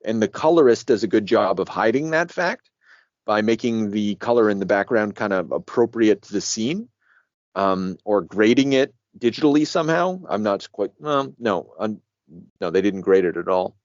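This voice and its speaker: Podcast co-host, man, lively swinging pitch, swears, laughs, dry dull lo-fi audio. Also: normal speed, no echo. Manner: animated, laughing, swears freely. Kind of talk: casual comic book discussion.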